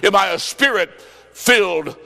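A man preaching a revival sermon with folksy stories, impassioned and shouting at the peaks. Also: sits high, measured pace, vocal fry. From Illinois. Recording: echoey hall with long reverb.

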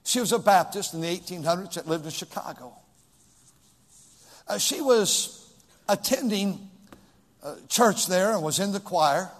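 A male pastor preaching a sermon in a church, swinging from shouting to hushed tones with emphatic repetition. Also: high voice, in a large hall. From California. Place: church sanctuary.

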